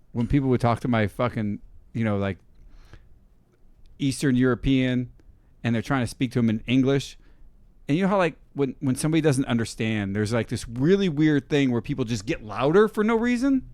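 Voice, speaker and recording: A man in the middle of a loose podcast chat, loud and animated, cursing freely and laughing through his stories. His voice sits at an ordinary pitch and is recorded close and dry in a studio, with no room sound. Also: dry recording. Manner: animated, swears a lot, laughs often. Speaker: podcast co-host. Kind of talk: casual profane chat.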